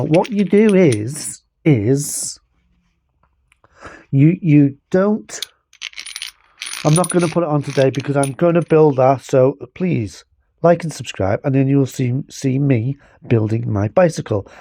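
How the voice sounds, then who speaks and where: A man's voice: medium pitch, dark tone, slight background noise. A man from the UK casually demonstrating a bike tool in his vlog, rambling and self-deprecating. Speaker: bike vlogger.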